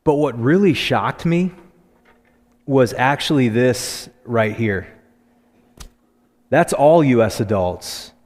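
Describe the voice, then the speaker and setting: Man, pastor, sermon, casual storytelling, mid pitch, echoing hall. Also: takes it slowly, pauses often. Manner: conversational storytelling, animated when quoting. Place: church sanctuary.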